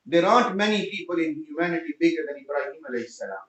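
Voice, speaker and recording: A man giving a mosque sermon as imam, impassioned and rising to shouts, with Arabic recitation woven in. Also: on the high side, animated, rapid-fire, few pauses. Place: mosque hall. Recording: very echoey, dull mosque hall.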